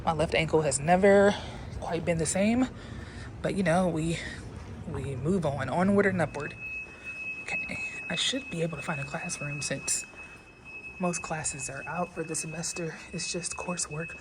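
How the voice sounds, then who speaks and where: A young doctoral student in her twenties, breathless from walking outdoors on campus, chats upbeat and casual to her phone camera. Her deep voice swoops wildly in pitch at a moderate pace, with long pauses. The recording is very noisy.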